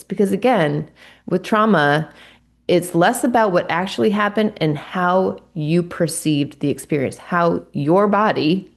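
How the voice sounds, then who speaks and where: A woman hosting her own faith-based podcast, speaking in an earnest, confiding way with many restarts. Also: deep voice. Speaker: podcast host; Christian trauma-informed coach.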